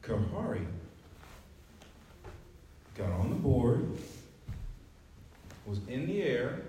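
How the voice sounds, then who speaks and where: A man's voice: medium pitch, sing-song, drawn-out words, dark tone, slight background noise. Man in his 40s preaching, casual and joking, heard from a distance in a very echoey church. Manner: conversational, joking, laughs often. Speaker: preacher and track coach. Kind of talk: sermon. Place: church sanctuary. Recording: echoey hall, mic at a distance.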